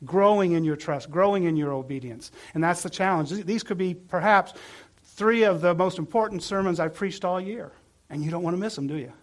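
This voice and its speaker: A pastor preaching a sermon, earnest and asking the congregation questions. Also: male voice, high voice, brisk.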